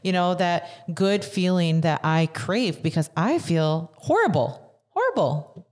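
A woman's voice: fairly low pitch, very animated, unhurried, darkish tone. A young adult woman, a guest on a podcast, speaking earnestly and often repeating words for emphasis. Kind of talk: casual podcast interview.

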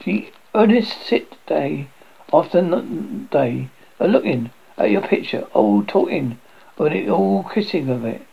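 A man's voice: on the high side, animated, measured pace, gravelly, husky, lo-fi sound, heavily acted. A man voicing a bitter, grieving old woman servant who talks in rustic country speech and hurls accusations. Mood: accusing.

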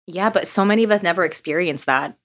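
A woman's voice: lowish voice, fast talker. Candid, reflective woman podcast co-host. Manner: candid, reflective, frequent "like" fillers. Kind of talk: casual conversation.

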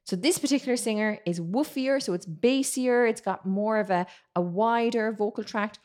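A woman's voice: on the high side, a little mellow. Chatty woman giving a singing lesson. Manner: chatty, explains with quick vocal examples. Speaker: vocal coach. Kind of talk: singing lesson with sung demonstrations.

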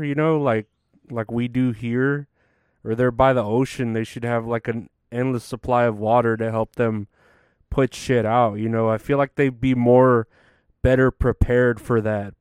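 A man's voice: medium pitch, clean tone, no room sound. Sleepy, rambling man in a dry room. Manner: tired, rambling, many fillers and restarts. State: sleepy, yawning. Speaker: vlogger. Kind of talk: casual rambling monologue.

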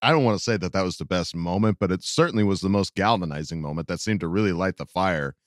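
A man's voice: deep voice, fast, dry recording, studio quality. A male podcast host in casual fan chat, upbeat and laughing as he reads listener questions.

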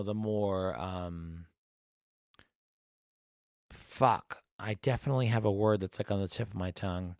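On a casual podcast, a man with an average-pitched voice vents animatedly to his co-host, cursing freely like a regular host sounding off. The recording is close and dry, with no surrounding room sound.

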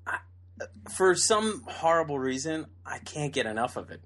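A man's voice: on the high side, big pitch swings, normal speed, fairly bright tone, a little hiss or hum. Dry, sarcastic podcast co-host man. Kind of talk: casual podcast banter.

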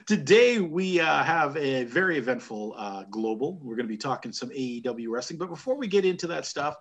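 A man's voice: on the high side, animated, brisk, fairly bright tone. A man with a Canadian accent hosting a casual wrestling podcast, joking, laughing often and grumbling about the shows. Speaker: podcast host. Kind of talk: casual chat.

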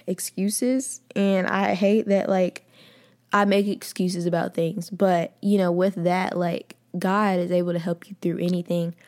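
A woman's voice: mid-range voice, darkish tone. A young woman hosting a faith podcast, talking casually and earnestly, often calling listeners y'all and repeating phrases for emphasis. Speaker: podcast host.

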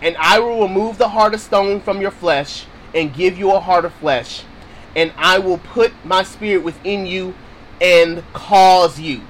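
A man's voice: sits high, fairly even intonation, unhurried, a bit bright, slight background noise, low-quality recording. A man preaching on scripture in a casual, emphatic way, repeating his points to drive them home. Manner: casual, informal phrasing. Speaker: Bible teacher.

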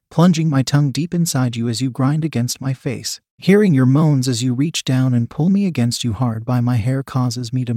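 A man calmly narrating a first-person erotic audio story in an intimate reading voice. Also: mid-range voice, no echo, studio quality.

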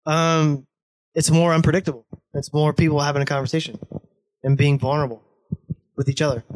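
A young man with a somewhat high voice talks in casual chat. He is blunt and pushy, swearing freely as he presses his point. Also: level tone, fairly quick. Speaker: podcast guest, host's best friend.

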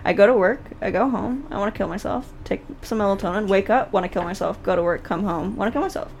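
A woman co-hosting a podcast, telling stories with wry, deadpan humor and laughing often. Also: mid-range voice, quick pace, slight background noise. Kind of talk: casual chat, storytelling.

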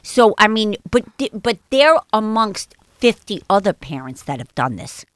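Lively, bright middle-aged woman co-host. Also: mid-range voice, normal speed, no echo. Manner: animated, reactive, laughs often. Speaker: podcast co-host. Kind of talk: casual podcast chat.

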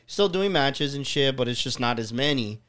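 A man's voice: medium pitch, expressive, moderate pace, fairly bright tone. A man hosting a podcast, chatting in a laid-back way full of fillers and restarts. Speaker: podcast host. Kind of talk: casual chat.

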